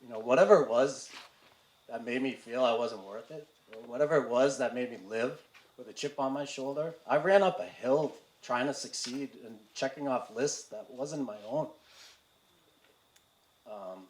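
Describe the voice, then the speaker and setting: A man telling his personal recovery story to a live audience, halting and candid, with wry humor and frequent fillers. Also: mid-range voice. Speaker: speaker sharing a recovery story. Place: community event hall with audience. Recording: roomy hall with faint room noise.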